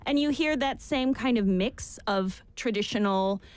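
Woman co-host, higher pitch, dry close sound, upbeat stream chatter. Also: a little slow, clear, resonant tone, dry recording. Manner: upbeat, reads viewer comments aloud. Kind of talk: casual live-stream music chat.

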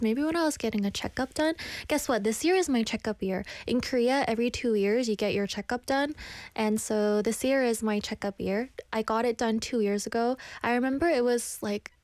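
A young woman radio DJ chats casually and pokes fun at herself, her voice set a touch high. She sounds a little out of breath. The studio sound is close and dry. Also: a little mellow, no echo. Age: 20s. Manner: chatty, self-deprecating, reads viewer comments aloud. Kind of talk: casual live radio chat.

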